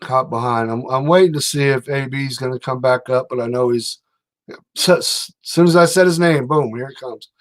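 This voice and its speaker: A man's voice: medium pitch, moderate pace. Rambling man chatting on a livestream. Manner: rambling, reads out viewer comments. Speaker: livestream host. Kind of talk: casual livestream chat.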